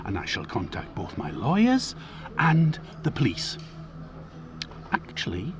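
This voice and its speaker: A man voicing a pompous, menacing upper-class English gentleman with a plummy, sneering voice, dropping into hissing whispers. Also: medium pitch, pitched below the performer's own voice. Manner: swings from bluster to hissing whispers.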